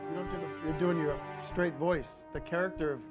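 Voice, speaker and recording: A man's voice: fairly high pitch, steady tone, a little fast, over loud music. A man hosting a comedic live show, bossy, blunt and profane as he directs a performer. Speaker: host.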